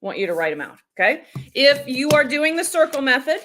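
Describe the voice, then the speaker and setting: A woman's voice: high voice, sing-song, a little fast, noisy background. A woman coach running a live-streamed workshop, upbeat, talking straight to viewers and reading out their comments. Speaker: business coach.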